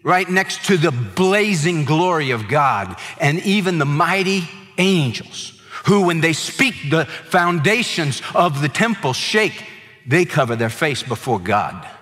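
A man's voice: a little high, lively intonation, slow pace, fairly bright tone, long reverb tail, faint music behind. A male pastor preaching a sermon, stressing points through emphatic repetition.

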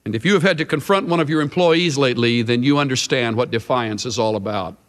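A man's voice: mid-range voice, fast, big-room sound. A man preaching a sermon as a Bible teacher, emphatic with dramatic shifts of emphasis.

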